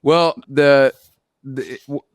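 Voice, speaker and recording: Male author as interview guest; earnest anecdote-driven talker, mid-pitched, close and dry. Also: drawn-out words, no room sound. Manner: earnest storyteller, acts out quoted dialogue. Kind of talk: conversational interview.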